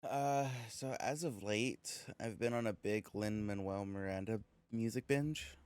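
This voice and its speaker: Lower-voiced playful podcast host. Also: male voice, a little slow, darkish tone, clean tone. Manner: playful, showy emcee, blunt. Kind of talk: casual chat.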